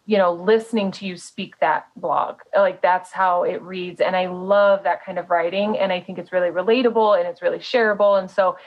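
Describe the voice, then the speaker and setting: A woman's voice: on the low side, fairly even intonation, normal speed, few pauses, lo-fi sound. A woman hosting a casual podcast interview, effusive and affirming toward her guest, with lots of fillers. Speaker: podcast host.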